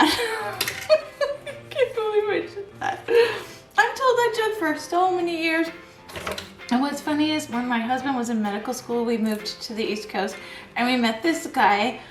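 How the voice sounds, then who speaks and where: A middle-aged woman vlogging casually as she crafts, chatty and rambling, quick to laugh at herself. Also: on the high side. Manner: chatty, rambling, giggly self-deprecating. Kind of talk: casual chat while crafting. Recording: echoey room, faint background music.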